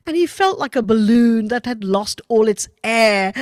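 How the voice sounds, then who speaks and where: Woman storyteller for kids, high and lively delivery, unhurried, dramatic with gasps, dry close sound. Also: no room sound. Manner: dramatic, expressive, with gasps and audience asides. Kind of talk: musical storytelling for children.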